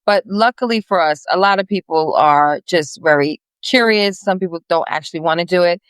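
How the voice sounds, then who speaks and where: A woman's voice: lowish voice, brisk, smooth, no room sound. A woman guest on a business podcast, chatting in a rambling, friendly way with many restarts. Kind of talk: casual interview chat.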